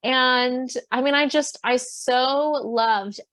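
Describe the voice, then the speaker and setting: This is a woman from Virginia speaking as a guest on a podcast. She is soft-spoken and reflective, and she giggles between thoughts. Her voice is a little high and the recording is dry and close. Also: slow, dry recording. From Virginia, USA. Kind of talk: casual chat.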